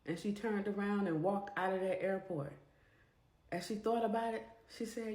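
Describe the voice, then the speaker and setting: Brief: woman storyteller, conversational and animated, mid-range voice, echoey room. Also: mid-range voice, moderate pace. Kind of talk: storytime narration.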